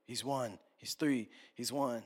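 A man preaching a sermon as a pastor, talking conversationally and joking with quick asides. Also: mid-range voice, steady tone, husky.

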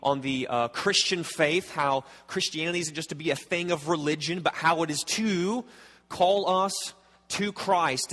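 Earnest pastor preaching in a reverberant hall. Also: male voice, fairly high pitch, a bit bright. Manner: earnest, emphatic, restarts and repeats words. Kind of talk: sermon.

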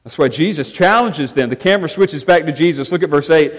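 A man preaching a sermon as pastor, with animated emphasis that rises and falls as he drives his points home. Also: on the high side, a little fast. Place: church sanctuary. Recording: long reverb of a church hall.

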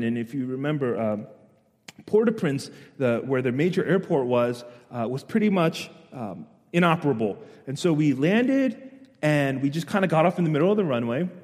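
A man preaching a sermon, telling stories animatedly and building to loud, emphatic points. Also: on the high side, long reverb tail. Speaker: pastor.

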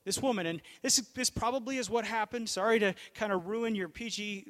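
High-voiced casual young male preacher. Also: a little fast. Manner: casual storytelling preacher, shifts from loud to hushed. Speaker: pastor. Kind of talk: sermon.

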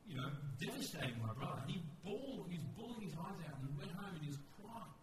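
A man's voice: sits high, sing-song, fast talker, recorded from a distance. A middle-aged Australian man preaching a sermon in a church, telling stories and acting out the voices of the people in them. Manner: storytelling, acts out quoted voices. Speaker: pastor. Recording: echoey church sound from afar, noisy.

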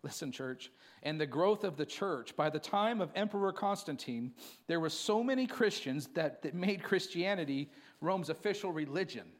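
A man preaching a sermon to his church, moving from quiet storytelling to fervent, emphatic preaching. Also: on the high side, animated, moderate pace. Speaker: pastor.

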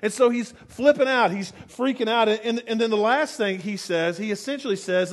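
A male pastor preaching a sermon in a relaxed, storytelling way. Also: sits high, moderate pace, few pauses.

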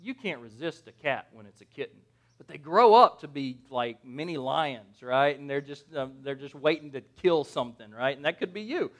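A man's voice: fairly high pitch, lively intonation, normal speed, fairly bright tone. A man preaching a sermon as a pastor, conversational and jokey, often checking in with the listeners and correcting himself mid-sentence. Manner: conversational, jokey, asks the audience "right?"; restarts and self-corrections.

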